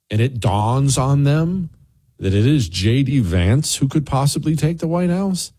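A man's voice: medium pitch, mellow, husky. A man hosting a political talk radio show, delivering a heated, ranting monologue.

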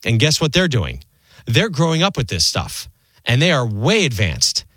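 A man in his forties hosts a radio talk show, his pitch swinging widely as he riffs and throws out rhetorical questions. The studio mic sounds close and dry, with no room behind him. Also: normal speed, no room sound. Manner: animated, conversational, rhetorical questions.

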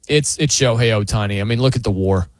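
A man's voice: fairly low pitch, fast talker, dry recording. A man hosting a sports talk show, ranting emphatically and incredulously, with laughs between points. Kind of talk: opinionated sports commentary.

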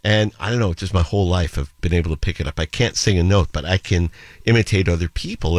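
A man's voice: on the low side, no echo. A man hosting a radio show, telling casual anecdotes and slipping into playful imitations of accents. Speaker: radio host. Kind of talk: casual radio chat and storytelling.

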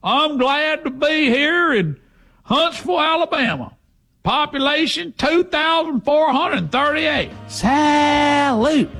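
A man putting on a pandering Southern politician, slow and showy, in a mocking impression. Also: very high voice, expressive, pushed and bright, faint music behind, voice pushed up, full character voice. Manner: exaggerated drawl, slow and showy.

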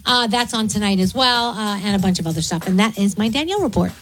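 A woman co-hosting a radio show, giving a quick entertainment rundown and reacting in a bubbly way. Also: medium pitch, lively intonation, a little hiss or hum. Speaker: radio co-host. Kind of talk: casual morning radio banter.

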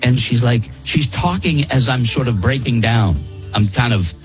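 A man's voice: mid-range voice, animated, moderate pace, soft background music, poor audio. A man casually telling a story to friends on a podcast, rambling and restarting his sentences. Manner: rambling, self-interrupting, repeats words while telling.

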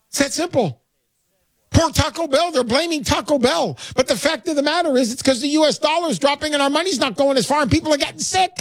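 A man's voice: very high-pitched, expressive, brisk, no echo. A man hosting a call-in talk show, selling gold with brash, pushy salesman patter. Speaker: radio show host.

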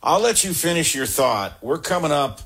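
Man, sports radio host, husky voice, chatty, keeps callers moving. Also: a little high, expressive, fairly bright tone. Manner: quick, chatty, rushes callers along. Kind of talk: call-in sports talk.

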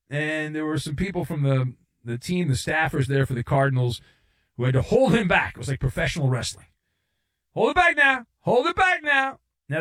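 A middle-aged man on sports talk radio, riffing sarcastically through an opinionated monologue. His pitch sits a bit high and swings widely, leaping up for mock outrage and dropping low for asides. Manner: sarcastic, mocking voices and rising to shouts.

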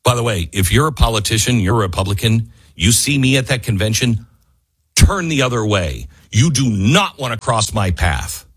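Husky, impassioned male radio host. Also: medium pitch, lively intonation, moderate pace, no room sound, clean studio sound. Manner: impassioned, frustrated, raises his voice. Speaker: radio talk show host. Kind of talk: talk radio monologue. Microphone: studio microphone.

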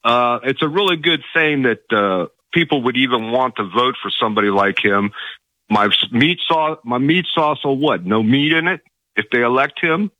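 A male caller from Virginia, heard over a slightly muffled phone line. His voice is bright and close, with no room sound, and he chats in an easygoing way. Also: mid-range voice, lively intonation, moderate pace, no echo. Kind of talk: call-in radio chat.

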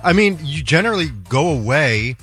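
Male radio co-host, mid pitch, lively, sheepish and laughing, faint music under him. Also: normal speed. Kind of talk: morning radio banter.

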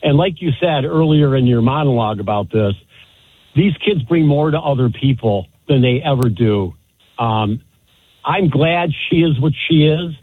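A man calling in to a radio show, speaking heartfelt and steady about his family. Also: mid-range voice, moderate pace, husky, no room sound. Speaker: caller. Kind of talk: phone-in call. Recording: phone line.

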